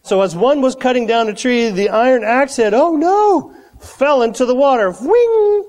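A pastor preaching a sermon, acting out the Bible characters' lines in a lively, conversational way. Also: male voice, very high-pitched, a little fast. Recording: long hall reverb.

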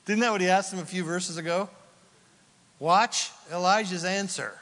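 A man's voice: high-pitched, normal speed. Preaching man in a reverberant sanctuary. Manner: dramatic swings from loud calls to soft whispers. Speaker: pastor. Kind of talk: sermon. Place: church sanctuary. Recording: long reverb of a church sanctuary.

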